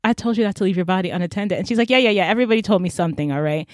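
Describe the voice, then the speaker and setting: A woman co-hosting a casual podcast, recapping a story with lively acted-out quotes. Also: medium pitch, no room sound, studio quality. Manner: animated storytelling, acts out quotes in quick voices. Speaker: podcast co-host recapping a drama. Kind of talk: casual chat.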